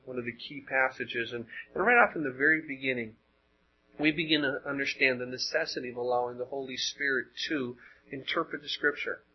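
Male preacher, husky voice, conversational sermon full of rhetorical questions; muffled lo-fi recording. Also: mid-range voice. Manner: conversational, rhetorical questions, frequent word repeats.

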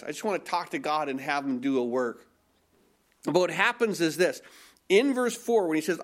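Male pastor, sermon delivery, emphatic and earnest, slightly high voice, repeats phrases. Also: fairly bright tone. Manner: earnest, emphatic preaching with rhetorical questions and repetitions.

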